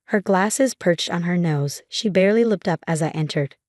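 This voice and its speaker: A woman giving calm, measured first-person narration of a scripted story. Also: fairly low pitch, dry recording, clean studio sound.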